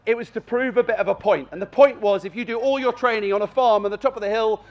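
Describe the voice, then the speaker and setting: A man with a high voice talks a crowd through a gundog training demonstration at an outdoor fair. He speaks in an expressive, animated way and slips into playful calls to the dogs. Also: fast, highs cut off. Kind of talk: live demonstration commentary to an audience. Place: outdoor country fair arena.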